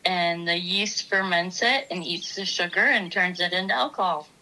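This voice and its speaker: A woman's voice: on the low side, normal speed, sharp tone, poor audio. A woman co-hosting a casual podcast chat, explaining things step by step in a chatty way. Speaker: podcast co-host.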